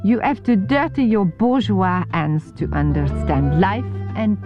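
A woman's voice: medium pitch, a little slow, lo-fi sound, loud music behind the voice, natural voice. A woman voicing a brash, bossy woman cook, scolding in a raised voice.

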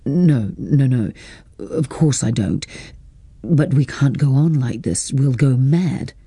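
A man reading an audiobook, voicing a jealous, angry husband who talks slowly and cuttingly. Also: mid-range voice, gravelly, mellow, breathy edge, no echo, heavily acted. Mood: tense, pleading. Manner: slow, deliberate and cutting.

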